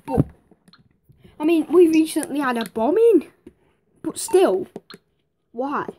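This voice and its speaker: High-voiced Manchester woman, blunt and chatty. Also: animated, takes it slowly, noisy background. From Manchester, England. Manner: chatty, blunt and sarcastic, swears freely. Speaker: streamer reacting to videos. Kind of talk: casual reaction commentary. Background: music from the played video.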